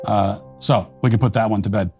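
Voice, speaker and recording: Deadpan sarcastic man, mock-apologetic. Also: lowish voice, brisk, soft background music. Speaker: commentary host. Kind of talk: sarcastic monologue to camera.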